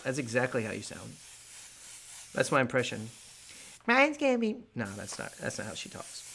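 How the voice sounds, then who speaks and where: A man's voice: mid-range voice, a little fast, vocal fry, sharp tone, soft background music. A man chatting casually with viewers while painting live, rambling a little as he works.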